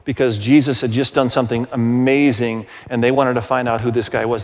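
A man in his forties preaching a sermon to his congregation, telling stories in a conversational, animated way and asking the crowd questions. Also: mid-range voice. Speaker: pastor. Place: large church auditorium. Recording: long hall reverb.

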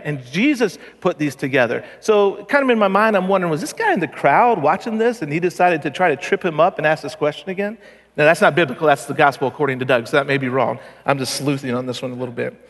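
Pastor, man, high voice, casual joking sermon, long hall reverb. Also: fairly bright tone. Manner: conversational, joking, emphatic.

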